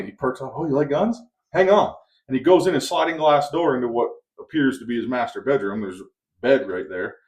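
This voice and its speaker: Talking fast in a mid-range voice, a male podcast co-host works through a long, casual story. He is an animated storyteller who acts out the quoted voices of the people involved.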